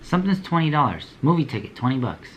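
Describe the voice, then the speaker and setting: A man's voice: a little high, sing-song, fast talker, dull audio, slight background noise. A young man giving a motivational talk to small business owners, with a preachy, blunt delivery, slang, and slogans he repeats over and over. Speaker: motivational speaker.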